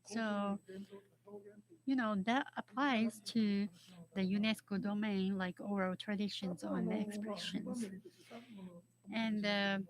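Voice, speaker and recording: Slow-talking woman on a panel. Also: medium pitch, steady tone, low-quality recording. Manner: measured, explanatory, leans on "you know". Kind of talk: symposium panel talk. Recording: crowd murmur behind.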